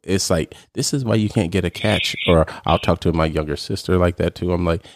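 A man's voice: low-pitched, a little fast, dry recording, studio quality. A man hosting a podcast, talking casually and emphatically in a ranting way. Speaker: podcast host.

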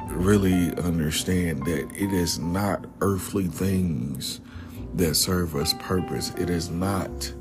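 A man's voice: low voice, normal speed. A man giving an informal, earnest devotional talk. He often drops to a whisper on key words and casually keeps saying "man". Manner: casual, repeatedly says "man". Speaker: Christian speaker. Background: music.

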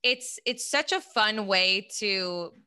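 A young adult woman co-hosting a podcast in casual chat, enthusiastic and quick to laugh. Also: mid-range voice, expressive, pushed and bright, smooth. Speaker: podcast co-host.

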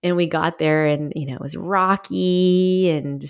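A woman's voice: lowish voice, fairly even intonation, a little slow, smooth. A middle-aged woman hosting a solo podcast, telling a personal story in a candid, chatty way with lots of fillers. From Southern California. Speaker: podcast host.

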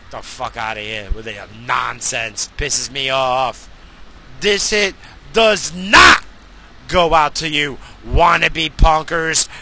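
A man on a profane comedic rant, heated and swearing, who now and then bursts into shouts. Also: on the high side, a little hiss or hum.

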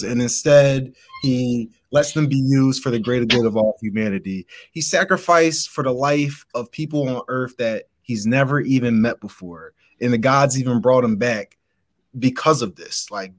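Laid-back rambling man making his case. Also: mid-range voice. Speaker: debater. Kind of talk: casual debate argument.

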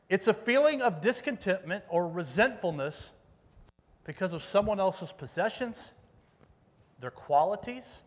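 A male youth pastor gives a casual sermon, upbeat and chatty, and he keeps rallying the crowd. His voice sits a little higher than most men's. It rings out with the long reverb of a large meeting hall. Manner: upbeat, rallies the audience, calls out for volunteers. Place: church meeting room with an audience.

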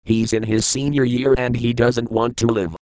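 A man voicing a blunt, commanding old male mentor in a smooth, dry reading. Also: mid-range voice, level tone, normal speed, darkish tone, no echo, close to an everyday voice, poor audio. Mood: urgent.

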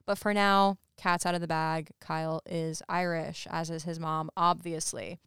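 A woman co-hosting a podcast in casual chat, talking fast and loose with plenty of "like" fillers. Her voice is low-ish and very smooth and clear. The sound is dry and close to the mic. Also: flat delivery, a bit bright, no echo. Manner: chatty, lots of "like", laughs while talking. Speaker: podcast co-host. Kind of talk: casual chat recapping a show.

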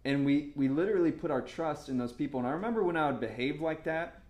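A man preaching a casual sermon, chatty and full of fillers and repeated words, bursting into excitement as he tells stories. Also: fairly high pitch, quick pace. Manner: storytelling with sudden excited outbursts. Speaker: pastor.

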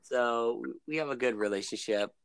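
A man's voice: medium pitch, moderate pace, fairly bright tone, clean tone, no echo. A man, a guest on the show, telling a personal story in a casual, rambling way, full of fillers and restarts.

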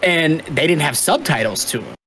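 A man's voice: a little high, lively intonation, moderate pace, sharp tone, a little hiss or hum. A man from Louisiana, a podcast co-host, telling stories in casual chat with lots of swearing and laughter. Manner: profane, laughing storyteller.

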